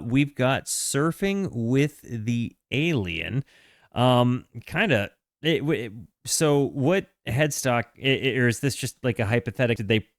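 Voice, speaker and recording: A man hosting a music reaction stream, reading notes aloud and chatting with his viewers, halting and full of fillers. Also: medium pitch, smooth, no room sound, clean studio sound. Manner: chatty, halting, with frequent fillers and self-corrections; hearty shout-outs to chat. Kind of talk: casual live-stream chat and reading aloud.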